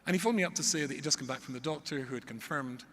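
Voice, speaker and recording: A man's voice: a little high, racing, slight background noise. A middle-aged man, a rabbi, telling stories to a live audience with comic exaggeration. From Scotland. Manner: animated storyteller with comic exaggeration. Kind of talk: storytelling talk to a live audience. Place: large hall. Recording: echoey hall with faint ambience.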